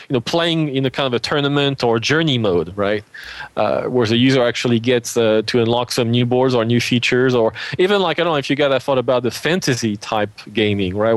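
A man's voice: medium pitch, no room sound. A man from France with a French accent, a guest chatting casually on an interview show and peppering his talk with "you know". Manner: lots of "you know" fillers, enthusiastic. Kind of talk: casual conversation. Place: home, Alabama.

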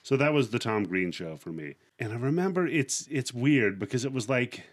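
A man's voice: mid-range voice, expressive, moderate pace. A man on a casual podcast, telling stories animatedly and acting out the people in them. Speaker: podcast co-host. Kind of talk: casual chat.

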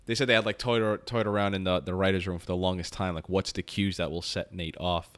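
Guy with a lowish bright voice, rambly podcast chat, swears a lot. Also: fast. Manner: rambling, animated, swears freely. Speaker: podcast co-host. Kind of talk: casual chat.

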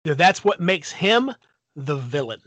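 A man co-hosting a podcast, chiming in eagerly with jokes and quick remarks. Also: a little high, big pitch swings, fairly bright tone, no room sound. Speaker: podcast co-host. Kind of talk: casual podcast chat.

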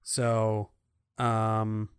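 A man's voice: lowish voice, monotone, drawn-out words, smooth, no echo, studio quality. A man co-hosting a podcast in casual chat, easygoing and chuckling, with playful voices for quotes. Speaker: podcast co-host.

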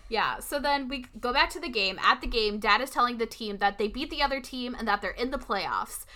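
A woman casually recapping a TV episode with a co-host, retelling scenes through quick quoted lines. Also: on the high side, lively intonation, pushed and bright.

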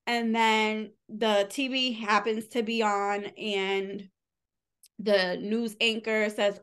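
A woman's voice: medium pitch, level tone, takes it slowly, fairly bright tone, smooth. Chatty woman recapping a novel. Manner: chatty, rambling, heavy use of "like", casual swearing. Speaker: podcast co-host reviewing books. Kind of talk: casual book recap.

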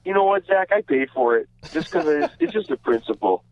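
A man's voice: high-pitched, huge pitch swings, a little fast, darkish tone. A male caller telling a meandering, overly apologetic comic story over the phone. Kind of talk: rambling comic call-in story. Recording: tinny phone line.

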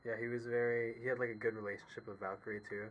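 A young man chatting casually about a film with friends, relaxed and quick to agree. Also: mid-range voice, dull audio, a little hiss or hum. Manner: relaxed, quick to agree, uses fillers like "like" and "yeah". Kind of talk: casual chat.

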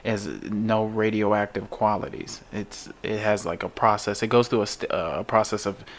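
A man's voice: on the low side, normal speed. A man hosting a casual podcast chat, rambling loosely with jokes and fillers. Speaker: podcast host reading news.

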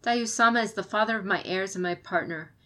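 A woman narrator plays a weary but resolute female clan leader in a spoken story. She speaks in a measured, firm way, holding to duty. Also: medium pitch, sharp tone, lightly acted.

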